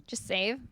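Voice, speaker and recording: Young woman streamer, bright voice, dry close mic, chatty with chat, voice wearing thin. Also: high voice, husky, no echo. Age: 20s. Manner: chatty, greets viewers one by one. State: voice giving out, coughing. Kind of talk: casual live-stream chat. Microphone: desk streaming mic.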